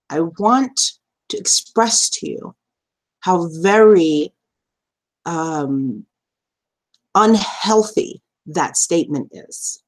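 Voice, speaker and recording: A woman at a middle pitch talks straight to her viewers, telling her story in an animated, chatty way. She laughs often and jumps high in pitch when she acts out what people said. When the subject turns serious, she slows down and speaks more softly. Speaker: survivor advocate and live stream host. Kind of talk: live stream storytelling monologue.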